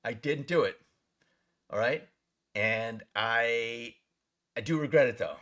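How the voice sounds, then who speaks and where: A middle-aged man, an actor, telling stories in a casual interview, animated and swearing freely. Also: mid-range voice, takes it slowly.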